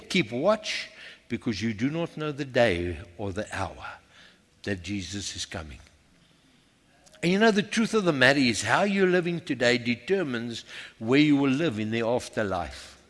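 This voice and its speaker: A man with a South African accent preaching a sermon in a church, emphatic and repetitive, swinging from loud calls to hushed intensity. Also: mid-range voice. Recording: reverberant church hall.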